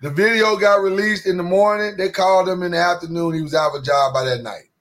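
A man's voice: sits high, quick pace. A man co-hosting a casual podcast chat, emphatic and preachy, with speech. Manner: animated, emphatic, preachy rants. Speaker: podcast co-host.

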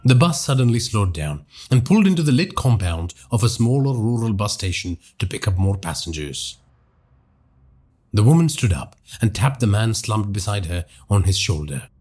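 Husky low-voiced guy reading a spooky tale, lively ups and downs. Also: moderate pace. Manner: hushed, dramatic storytelling. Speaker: podcast narrator. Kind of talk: scripted horror narration.

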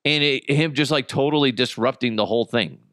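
A man's voice: medium pitch, brisk, fairly bright tone, no room sound, clean studio sound. A man hosting a podcast, telling stories in a casual, profane, comedic way and laughing at his own jokes. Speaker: podcast host.

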